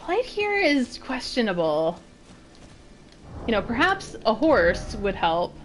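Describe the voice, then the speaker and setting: Chatty woman with a lively high voice. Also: slow pace, slight background noise. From Massachusetts. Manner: chatty, rambling, laughs often. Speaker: streamer. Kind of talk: casual gameplay commentary.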